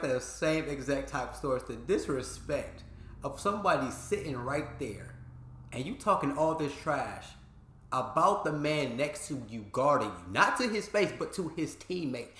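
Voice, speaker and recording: A man's voice: a little high, a bit bright. A man hosting a reaction video in casual chat, slangy and repeating his points for emphasis. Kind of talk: casual commentary. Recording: roomy echo.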